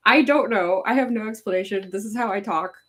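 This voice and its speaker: This fanfic author, a young woman from Chicago, has a medium-pitched, slightly bright voice and speaks fairly quickly. Her accent sounds Californian, and she chats casually on a livestream Q&A, rambling and giggling like a valley girl, with likes and ums everywhere.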